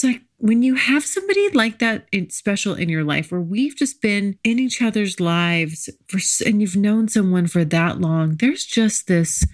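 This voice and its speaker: Giggly, chatty woman podcast host. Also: on the low side. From California, USA. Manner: giggly, chatty, frequent laughs and fillers. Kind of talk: casual confessional chat. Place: at home.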